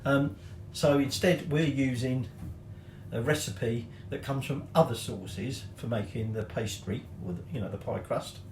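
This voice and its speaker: A man's voice: mid-range voice, unhurried, roomy sound, slight background noise. A man hosting a cooking tutorial, chatty, with joking, self-mocking asides. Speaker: cooking show host.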